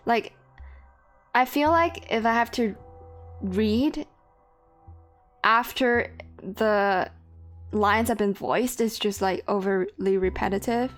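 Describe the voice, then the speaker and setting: A young woman with a somewhat high voice reads a game's story text aloud on a live stream, then breaks off to chat. She talks loosely, full of "like" and restarts, and soft game music plays under her voice. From Hong Kong. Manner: chatty, with frequent fillers and self-corrections. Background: faint game music and keyboard typing.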